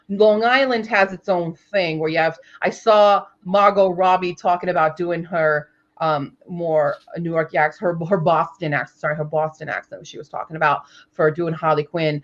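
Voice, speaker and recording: Chatty Minnesotan woman, slightly muffled. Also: fairly low pitch. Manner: chatty, rambling, slips into playful accents. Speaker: co-host. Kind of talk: casual chat on a writing stream.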